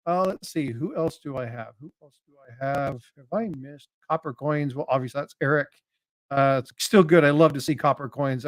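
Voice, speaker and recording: Man with a drawl, friendly streamer chatting with his viewers, slightly high voice, dry sound. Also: dry recording. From North Carolina. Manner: folksy, greets viewers by name, jokey. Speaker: livestream host. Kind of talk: casual livestream chat.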